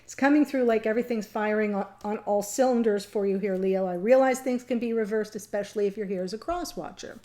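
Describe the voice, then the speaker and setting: A woman's voice: mid-range voice, a little fast, hardly any pauses, dark tone. A middle-aged woman giving a casual tarot reading to camera, chatty and meandering, often laughing and getting emotional. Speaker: tarot reader.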